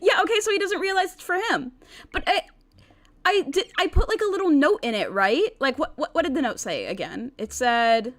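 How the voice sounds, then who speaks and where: Giggly, excitable high-voiced woman streamer. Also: a little fast. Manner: excitable, giggly, rambling with many restarts. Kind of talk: casual game let's-play. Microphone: desk microphone.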